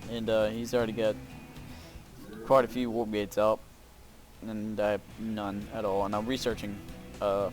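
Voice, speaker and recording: A man's voice: on the low side, flat delivery, moderate pace, pauses often. A man casually commenting over his own strategy game replay, rambling with lots of fillers and restarts. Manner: rambling, filler-heavy, self-narrating. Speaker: gameplay commentator. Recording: faint music behind voice. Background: faint background music.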